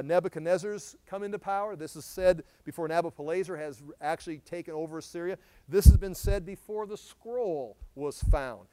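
A pastor preaching an expository sermon, animated and emphatic, his voice swelling when he stresses a point. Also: fairly high pitch, clear, resonant tone, dry recording.

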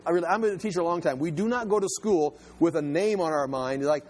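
A man's voice: high voice, expressive, fast, few pauses, a little mellow, slight background noise. Conversational man teaching a sermon. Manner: conversational, repeats words as he restarts. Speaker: Bible teacher.

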